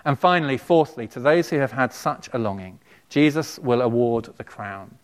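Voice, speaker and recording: A man's voice: medium pitch, animated. Earnest man preaching a farewell sermon. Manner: earnest, measured preaching with quotations read aloud. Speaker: pastor. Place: church.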